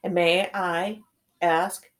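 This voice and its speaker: A woman's voice: fairly low pitch, little pitch movement, drawn-out words. A woman voicing a polite, nervous male faun who speaks in a formal, courteous way.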